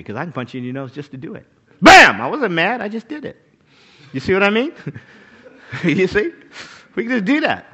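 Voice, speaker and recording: A man preaching a sermon, animated, asking the crowd rhetorical questions and acting out the quotes he reads. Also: high-pitched, highs cut off. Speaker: pastor.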